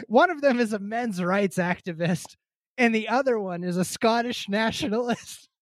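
A man's voice: sits high, normal speed, no room sound, clean studio sound. A young man co-hosting a podcast, chatting casually, loose and jokey, often laughing. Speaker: podcast co-host. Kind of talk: casual conversation.

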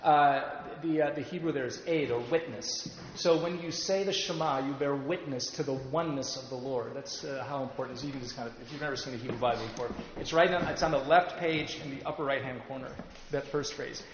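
A man teaching an adult Sunday school class, explaining slowly and leading the group in reading aloud. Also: medium pitch, dull audio, background noise. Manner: explanatory, leads group readings, pauses with fillers. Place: church classroom. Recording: echoey roomy recording from a distance.

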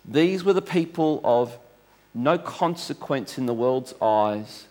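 A man's voice: medium pitch, lively intonation, slow, darkish tone. A male pastor preaching a sermon to a congregation in a conversational, storytelling way, restarting phrases as he goes.

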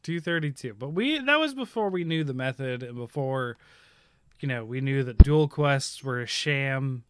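A man's voice: mid-range voice, lively intonation, normal speed, darkish tone, smooth, no echo, clean studio sound. A man co-hosting a casual gaming chat, rambling and correcting himself, laughing often. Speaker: podcast co-host.

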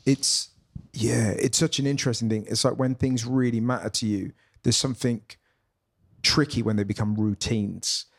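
A man's voice: medium pitch, steady tone, normal speed, creaky, slightly rough. A man who is a comedian guest, chatting in a pub in a reflective, hesitant way with trailing phrases. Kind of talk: casual chat.

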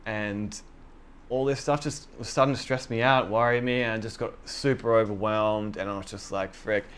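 A man's voice: lowish voice, fairly even intonation, moderate pace, a bit bright, clean tone. A young man giving a sermon as a casual story, self-deprecating and chatty, with many fillers and quoted asides to himself. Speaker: preacher.

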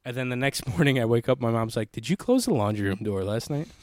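A man's voice: medium pitch, lively intonation, fast, a little mellow, dry recording, clean studio sound. A man in casual chat, rambling and swearing with lots of filler words. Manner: loose, swears a lot, rambling with many "like"s.

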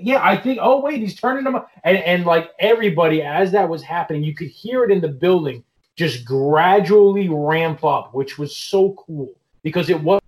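A man with a slightly high voice, chatting casually. He draws out his story step by step and paints the scene for his listeners. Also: a little mellow, poor audio. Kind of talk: casual chat.

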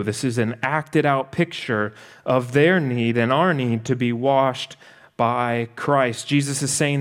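A man delivering a sermon with an earnest, deliberate manner. He slows his pace for emphasis and speaks at an ordinary middle pitch. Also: clean tone. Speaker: preacher.

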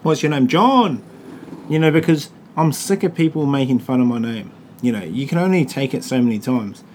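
A man's voice: medium pitch, brisk, dark tone, slight background noise. A man with a New Zealand accent, hosting a casual podcast chat, crude and joking, swearing freely. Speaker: podcast host.

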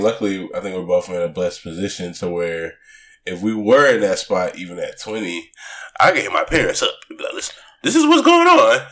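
A man's voice: on the low side, a bit bright. A young man co-hosting a podcast in casual chat, loose and joking, laughing often and swearing casually. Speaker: podcast co-host.

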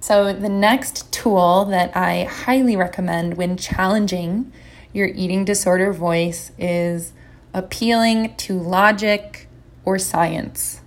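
A woman giving a gentle, encouraging instructional talk as a recovery coach. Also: mid-range voice, fairly even intonation, takes it slowly.

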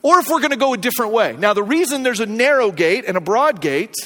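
Pastor, male, very high voice, earnest sermon delivery with hushed emphatic drops, reverberant church hall. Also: animated, fast talker. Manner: earnest, varies pace, drops to a low hush for emphasis. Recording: long reverb of a large hall.

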